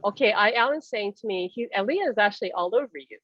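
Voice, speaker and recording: Woman medium, lively and chatty, lo-fi dry recording. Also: medium pitch, quick pace, dry recording. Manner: animated, acts out voices, laughs often. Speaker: medium giving readings. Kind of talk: casual reading over a call.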